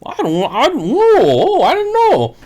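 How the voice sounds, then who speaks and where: A man's voice: extremely high pitch, huge pitch swings, slow pace, mellow, pitched above the performer's own voice, exaggerated voice. A man mimicking a baffled young woman customer, speaking in squealing, exaggerated disbelief. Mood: amazed disbelief.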